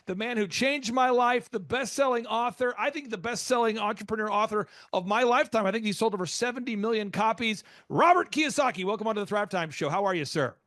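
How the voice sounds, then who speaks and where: A man hosting a business podcast, effusive and full of praise, with quick fillers as he asks long questions. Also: sits high, a bit bright, dry recording, studio quality. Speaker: podcast host. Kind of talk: enthusiastic interview hosting.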